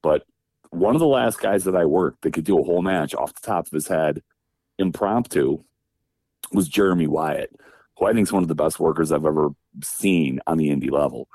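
A former pro wrestler from Wisconsin, USA, shares old road stories as a guest in a casual interview, laughing often and voicing the people he quotes. His very low, mellow voice moves at a brisk clip, recorded close and dry without echo.

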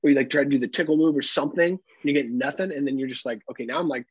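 Young man podcast co-host, husky voice, sweary animated riffing, dull dry recording. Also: mid-range voice, racing. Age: young adult. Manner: profane, animated, acts out exaggerated voices. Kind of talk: casual comedic chat.

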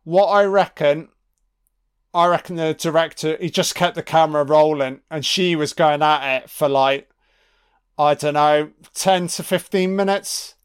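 A man gives a casual, unhurried film commentary, reacting with excited swearing. His voice sits slightly high and he drawls his lines. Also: smooth. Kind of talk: casual watch-along commentary.

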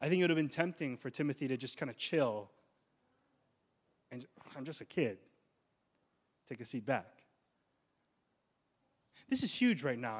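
A young male pastor preaching with a slightly high voice. He keeps it loose and slangy, then hits his main points with force and weight. It sounds like a relaxed preacher talking straight to his congregation. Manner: casual slangy preaching, rising to emphatic declarations. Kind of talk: sermon.

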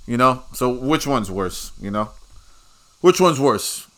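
Podcast host, crude combative ranter, bright forceful voice. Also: male voice, mid-range voice, animated, takes it slowly. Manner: crude, combative, swearing freely. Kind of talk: profane rant.

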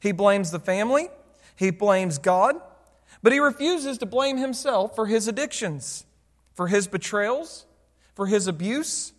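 Preaching in a church sanctuary with long hall reverb, this pastor has a high-pitched, expressive voice and a measured pace. His sermon is conversational, peppered with rhetorical questions for the congregation.

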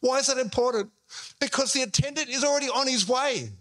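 A man delivers a sermon from the pulpit. His voice sits high and sounds bright and forceful. He tells the story in a lively way, slipping into different voices for each quoted line. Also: quick pace. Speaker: pastor.

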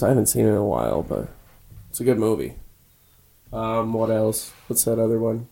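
A man's voice: lowish voice, vocal fry, mellow. A young man co-hosting a casual podcast from a spare room, laid-back and swearing freely. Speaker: podcast co-host. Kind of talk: casual chat. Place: small spare room used as a home studio.

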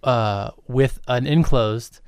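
A young man co-hosting a podcast, chatting casually in a loose, relaxed way with many fillers. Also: mid-range voice, slow pace, smooth, dry recording, clean studio sound. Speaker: podcast co-host. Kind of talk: casual chat.

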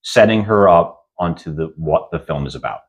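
A man co-hosting a film-review podcast retells a movie in casual chat, rambling and restarting often. His voice sits low and sounds animated, at a moderate pace.

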